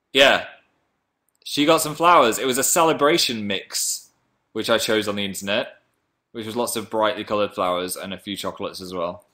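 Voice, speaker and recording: A man's voice: fairly low pitch, bright, forceful tone. A man hosting a casual livestream, chatting playfully and reading viewer comments aloud. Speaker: livestream host.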